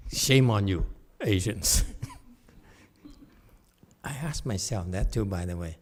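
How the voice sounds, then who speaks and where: A man giving a teasing dharma lecture in a Buddhist hall, laughing often, repeating himself, and moving from soft asides to loud emphasis. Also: fairly low pitch, lively intonation, slow pace, long pauses.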